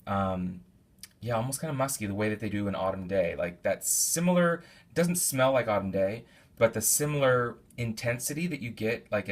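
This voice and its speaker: Low-voiced man rambling through a review. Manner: rambling, many fillers and restarts; detailed, thinks aloud while describing scents. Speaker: candle reviewer. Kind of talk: casual product review.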